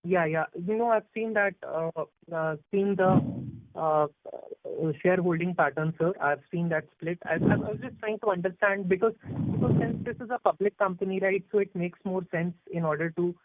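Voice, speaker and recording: A man's voice: high voice, normal speed, no room sound. A man with an Indian English accent, an analyst asking polite, hedging questions on an earnings call. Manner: polite, thanks often, hedging. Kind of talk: conference call Q&A. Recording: dry tinny phone line.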